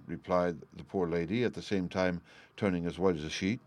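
A man reading a fairy tale aloud as a storyteller, in a steady, measured way. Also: low voice, dry recording.

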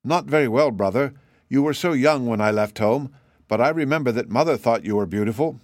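A man's voice: medium pitch, brisk, no echo, studio quality, close to an everyday voice. A man voicing an anxious, devoted grown man who is searching for his lost brother. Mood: pleading. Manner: anxious, pleading.

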